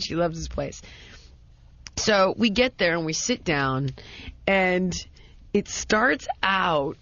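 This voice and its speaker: Sitting low in pitch, a woman's voice carries a casual anecdote told with dramatic, self-deprecating exaggeration, stopping and restarting as she rambles. The lo-fi audio is dry and dull.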